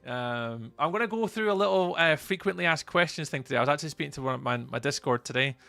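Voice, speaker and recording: Gravelly Scottish streamer chatting. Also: male voice, fairly high pitch, lively intonation, fast talker, sharp tone, no room sound, soft background music. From Scotland. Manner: chatty, rambling, greets chat by name. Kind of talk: live gameplay commentary.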